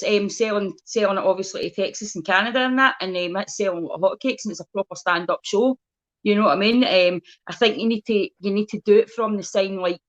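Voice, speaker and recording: A Scottish woman comedian, there as a guest, chats casually and tells stories with great energy, blunt and sweary throughout. Her voice is mid-range, and the recording sounds muffled.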